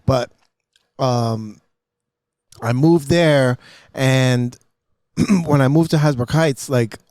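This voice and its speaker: A man's voice: mid-range voice, very slow, darkish tone, dry recording, clean studio sound. A young man from New Jersey chatting on a podcast, telling profane stories and laughing as he goes. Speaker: podcast guest. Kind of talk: casual podcast chat. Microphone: studio mic.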